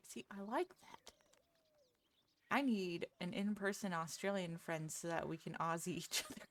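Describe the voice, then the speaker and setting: A woman's voice: fairly low pitch, moderate pace. A woman streamer chatting casually with her viewers, self-deprecating and laughing often. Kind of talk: casual live-stream chat.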